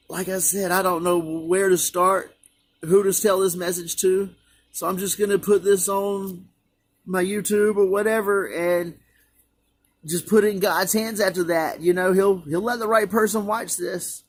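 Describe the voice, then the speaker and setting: A man with a high voice and a steady tone speaks at a measured pace, earnestly relating a personal religious experience. He's a vlogger, and his emotional testimony meanders and repeats itself.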